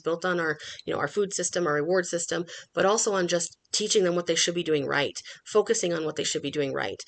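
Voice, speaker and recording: A middle-aged woman hosting a dog-training podcast, explaining methods in an instructional tone and acting out the dogs' thoughts in a playful voice. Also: creaky. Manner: animated, acts out dog thoughts in a high playful voice.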